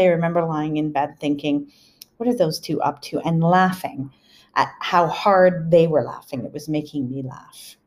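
Middle-aged woman, low-ish voice, podcast host, casual storytelling, chatty, laughing asides, uneven pace. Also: a little mellow.

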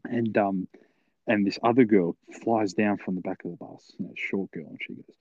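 A man's voice: fairly low pitch, normal speed, darkish tone, no room sound, lo-fi sound. A young man telling a long story, rambling and swearing, full of fillers. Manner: rambling, profane, filler-heavy. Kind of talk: casual storytelling.

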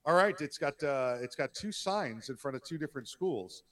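A man's voice: a little high, animated, normal speed. A man co-hosting a casual political talk podcast, speaking plainly with short replies. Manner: plain, terse, reads ads. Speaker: podcast co-host.

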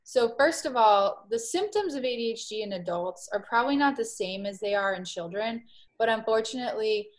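A woman in her forties from Miami, a guest psychologist explaining her field in a measured, clear conversational way. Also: on the high side, animated. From Miami, Florida.

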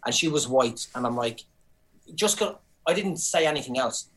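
A middle-aged man with an Irish accent talks in a casual podcast, telling stories with animated, indignant asides. His voice sits at an ordinary pitch, and he swears freely as he goes. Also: moderate pace. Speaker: comedian guest.

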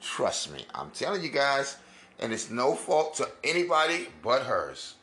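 Scornful ranting man, bright and roomy. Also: mid-range voice, very animated, a little slow. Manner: scornful, preachy and emphatic. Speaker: commentator reacting to clips. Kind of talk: ranting video commentary.

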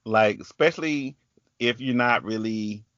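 A man with a Southern US country accent hosts a podcast, telling a story in casual, chatty conversation and quoting voices along the way. His mid-range voice is a little slow and fairly bright. The recording is muffled but has no echo.

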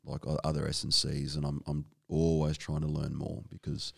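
An Australian man as a guest in a casual interview, talking in halting bursts full of restarts and casual swearing. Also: rumbling low, completely flat delivery, vocal fry, slightly rough. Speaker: guest, strength and conditioning coach.

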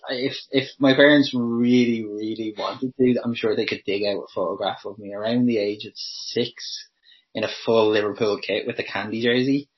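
A man's voice: fairly low pitch, steady tone, moderate pace, husky. A man in a casual podcast chat, talking in a dry, self-mocking way. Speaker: podcast co-host. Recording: dull podcast mic.

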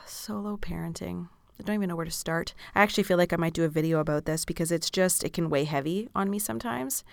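Woman, 30s, tired podcast host; candid, sweary, laughs a lot; lowish voice, dry padded-studio sound. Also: quick pace, vocal fry, dry recording. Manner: frank and chatty, swears freely, laughs often. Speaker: podcast host answering listener questions. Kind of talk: candid casual chat. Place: small padded studio room.

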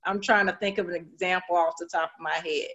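A woman's voice: on the low side, fairly even intonation, fast, fairly bright tone, dull audio. A woman hosting a casual interview, speaking hesitantly with many fillers as she searches for words.

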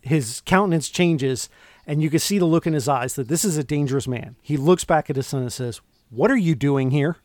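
A man co-hosting a podcast, recapping film scenes in an animated, casual way with lots of restarts. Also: fairly high pitch, fairly quick, no room sound, clean studio sound. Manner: animated, retells scenes with quoted lines and restarts. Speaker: podcast co-host. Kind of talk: casual movie review chat.

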